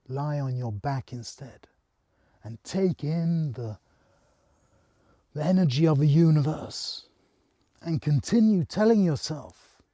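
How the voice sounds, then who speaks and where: A man voicing a calm, guiding mushroom spirit. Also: fairly high pitch, no room sound.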